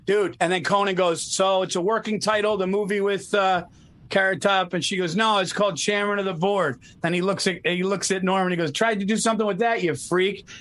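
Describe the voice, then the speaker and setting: A man's voice: high voice, fairly quick. A man in casual chat, telling stories with lots of swearing and imitating people. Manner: animated storytelling, swears a lot, mimics people. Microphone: remote call.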